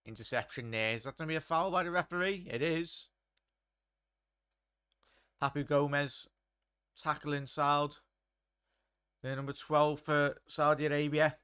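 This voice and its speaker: A man's voice: on the high side, fairly even intonation, a little slow, long pauses, sharp tone, clean tone, dry recording, studio quality. A young man hosting a live match watchalong, commentating casually and chatting to viewers. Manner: chatty, laddish, reads chat aloud. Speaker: watchalong host.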